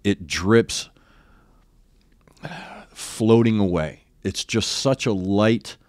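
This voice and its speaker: An older man, a former rock radio DJ, hosting a reaction video, effusive and earnest, often halting and restarting his sentences. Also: fairly low pitch, darkish tone, no echo, clean studio sound. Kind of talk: reacting to a live concert video.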